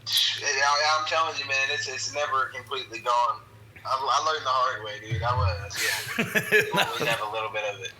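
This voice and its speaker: A man's voice: medium pitch, moderate pace, bright, forceful tone, a little hiss or hum, rough recording. A man guesting on a casual podcast, easygoing, calling the others brother and man. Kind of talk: casual chat.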